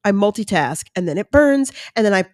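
A woman's voice: medium pitch, expressive, fairly quick, a little mellow, no room sound. A middle-aged woman talks casually on her own podcast, chatty and a little self-mocking. She acts out her own inner voice as she goes. Her voice sits in the middle range and is recorded close, in a dry, dead room. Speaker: podcast host. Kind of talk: casual solo podcast talk.

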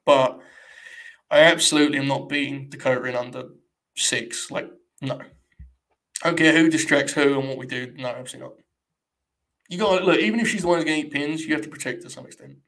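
A young man talks casually through a live stream, blunt and sarcastic, with plenty of swearing. His voice sits a little high for a man. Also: quick pace, pauses often, a bit bright. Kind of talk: casual live commentary on wrestling.

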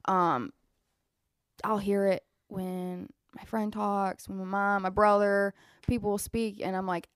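A young woman singer from Ohio with a slight country twang to her speech, chatting in an animated way as an interview guest. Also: mid-range voice, a little slow, clean tone, no room sound, clean studio sound. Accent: Willard, Ohio, slight country twang. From Ohio, USA. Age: young adult. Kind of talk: casual interview chat.

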